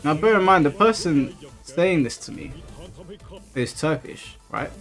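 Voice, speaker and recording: A man's voice: a little high, measured pace, soft background music. A man hosting a gaming livestream, chatting bluntly and profanely with viewers. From England. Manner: blunt, profane, animated retelling. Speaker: livestream host. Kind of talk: casual chat reading viewer messages while gaming.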